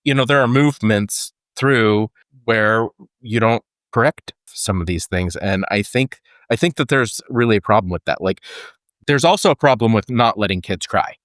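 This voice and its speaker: A man's voice: lowish voice, animated, normal speed, fairly bright tone, dry recording, clean studio sound. A man co-hosting a podcast, talking in earnest and thinking aloud with frequent restarts. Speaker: podcast co-host. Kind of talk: casual conversational podcast.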